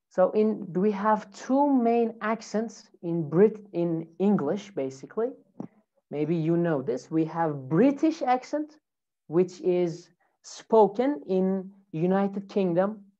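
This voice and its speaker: Low, slow-talking woman teaching English. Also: mellow, highs cut off. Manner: friendly, greets students by name. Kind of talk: online live English lesson.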